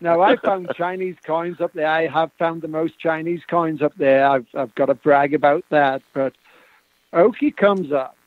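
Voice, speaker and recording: A man's voice: a little high, fairly even intonation, moderate pace, dry recording. A man telling laughing anecdotes as a guest calling in to a radio show. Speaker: guest metal detectorist. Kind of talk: casual storytelling on a call-in radio show. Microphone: phone. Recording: tinny phone line.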